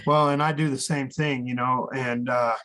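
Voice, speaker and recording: Interviewed as a guest, a man tells his own story candidly and emotionally, plain-spoken with the occasional swear word, and acts out quoted dialogue. His medium-pitched voice is steady, pushed, and bright at a moderate pace.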